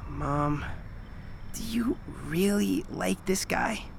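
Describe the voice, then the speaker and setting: An actress playing a blunt young-adult daughter who confronts her mother with sharp sarcasm in an audio drama. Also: medium pitch, drawn-out words, vocal fry, slight background noise. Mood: pleading.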